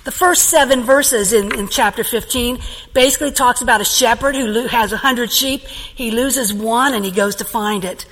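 A woman pastor preaching a sermon as an animated storyteller who laughs often, in a church. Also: a little high, moderate pace, slightly rough, in a large hall, rough recording.

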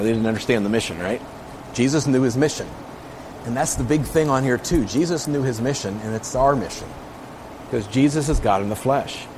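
Guy teaching the bible casually, keeps going "right?", mid-pitched voice. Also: noisy background. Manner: conversational, keeps checking in with listeners; animated, reads scripture aloud with emphasis. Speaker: preacher.

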